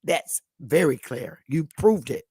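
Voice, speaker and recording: Woman host going off on a slow blunt profane rant, dry close sound, no room echo. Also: sits low, animated, mellow, husky. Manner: emphatic, blunt, profane, preachy. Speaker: commentary host. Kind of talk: impassioned commentary monologue.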